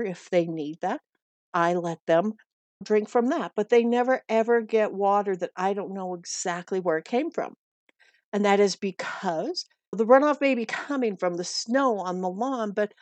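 A woman's voice: medium pitch, darkish tone, no room sound. A middle-aged woman from the United States giving dog-walking and pet tips in a chatty, earnest way that often repeats itself. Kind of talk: casual advice talk.

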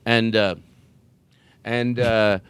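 A man hosting a comedy podcast, rambling loudly, laughing often and slipping into silly voices. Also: on the low side, flat delivery, extremely slow, clear, resonant tone, no room sound. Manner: loud, laughing, jumps between bits and silly voices. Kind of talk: rambling comic banter.

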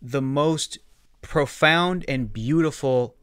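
A man's voice: medium pitch, slow pace, fairly bright tone, clean tone, no room sound, studio quality. A man co-hosting a podcast in casual, enthusiastic chat. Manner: enthusiastic, effusive. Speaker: podcast co-host.

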